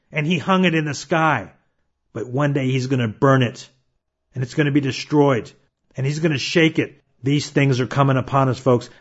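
Emphatic preacher, dull lo-fi sound. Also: male voice, medium pitch, husky. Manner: emphatic, slows down to read scripture, rhetorical questions. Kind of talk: sermon.

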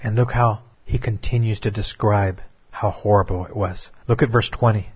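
Impassioned husky-voiced male preacher. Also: fairly low pitch, fairly even intonation, dull audio. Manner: impassioned, drawn-out dramatic phrasing. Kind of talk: sermon.

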